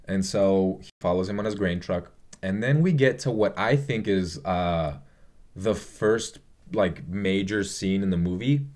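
Rambling, gushing young man, lowish voice. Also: unhurried, a little mellow. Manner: rambling, gushing and profane, with many fillers. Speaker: vlogger reviewing a movie. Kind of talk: casual movie review chat.

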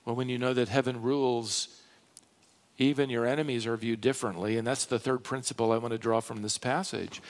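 A man preaching a sermon from a church pulpit, slow and dramatic, swelling into emphatic rises. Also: mid-range voice, steady tone. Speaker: pastor. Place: church sanctuary.

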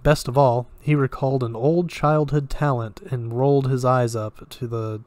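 Male story reader, steady even delivery, dry close sound, mid-range voice. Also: mid-range voice, normal speed, no echo. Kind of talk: audiobook-style story reading.

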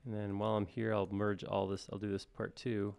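A man with a lowish, gravelly voice walks through a live software tutorial. He thinks aloud as he goes and jokes at his own expense in a relaxed, chatty way. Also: a little fast. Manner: thinks aloud, casual and self-deprecating. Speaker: software instructor. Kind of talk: live-stream modeling tutorial.

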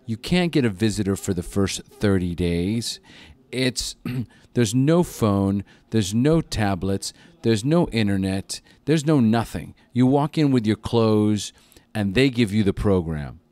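A man with a lowish voice tells a story on a podcast, casual and heavy on swearing, acting out other people's words as he goes. He sounds close and dry, with no room around him. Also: takes it slowly, no echo. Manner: profane, animated retelling with acted-out quotes. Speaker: podcast guest.

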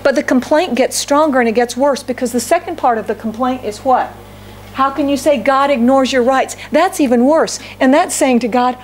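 A woman's voice: sits high, fairly quick. A middle-aged woman pastor preaching a sermon, asking the congregation questions and acting out prayers and complaints. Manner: acts out prayers and complaints in quoted voices.

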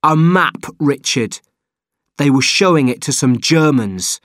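A man reading an audiobook, voicing an angry young male traveler who talks loud, clipped and accusing. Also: mid-range voice, animated, slow, no echo, studio quality, voice pushed up.

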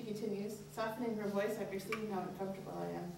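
This young woman tells an honest, heartfelt story live at a college, talking fast and creakily in a steady tone with few pauses, her pitch spiking sharply whenever she voices anxious questions to herself. Background noise and a distant, heavily echoing hall color the recording.

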